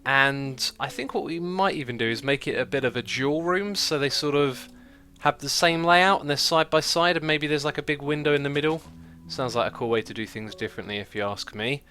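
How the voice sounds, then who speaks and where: A man's voice: a little high, brisk, hardly any pauses, sharp tone, soft background music. A man hosting a gaming livestream, chatting casually, laughing often and reading out donations and chat messages. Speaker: streamer host.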